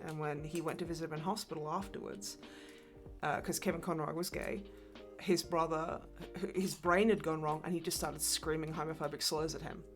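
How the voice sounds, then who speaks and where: A woman's voice: low-pitched, steady tone, brisk, faint music behind. A woman hosting a casual livestream, rambling and swearing freely as she chats and laughs often. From Polish family. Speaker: livestream host.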